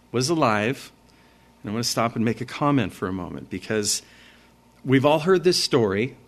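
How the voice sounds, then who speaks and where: A man preaching a sermon, talking earnestly and conversationally as he explains the passage. His voice sits at an ordinary male pitch. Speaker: pastor.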